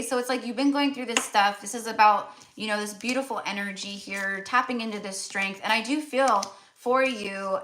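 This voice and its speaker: A woman's voice: medium pitch, a bit bright, a little hiss or hum. An American woman giving a casual tarot reading, chatty and full of fillers and restarts. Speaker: tarot reader.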